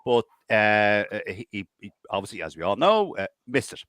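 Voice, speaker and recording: A man's voice: on the low side, sing-song, moderate pace, fairly bright tone, no room sound. A man hosting a live online chat, talking in a teasing, rambling way over a video call. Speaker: host.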